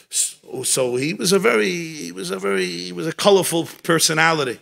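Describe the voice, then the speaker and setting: A man's voice: fairly high pitch, fairly quick, creaky, few pauses. A man, a rabbi, giving a farbrengen talk at a gathering, telling stories and teaching with Yiddish and Hebrew phrases mixed in. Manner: storytelling, animated, sprinkled with Yiddish and Hebrew. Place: gathering in a home.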